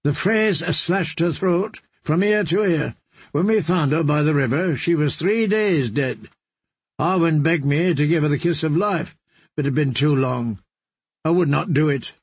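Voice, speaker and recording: A man's voice: a little high, a little slow, husky, no room sound. A man voicing a solemn priest telling of a grim event with reverence.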